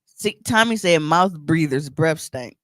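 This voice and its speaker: A woman's voice: low voice, animated, measured pace, a bit bright, dry recording. A woman co-hosting a casual podcast chat, telling stories in a blunt, profane way. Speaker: podcast co-host.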